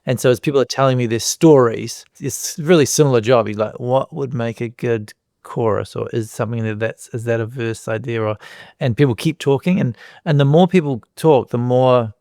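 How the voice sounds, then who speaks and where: A middle-aged man with a New Zealand accent, a guest on a podcast, telling relaxed anecdotes and acting out the voices in them. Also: medium pitch, normal speed, no room sound, studio quality. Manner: relaxed anecdotes, acts out voices and hums lines. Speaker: guest musician and comedian. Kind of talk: casual podcast chat, storytelling.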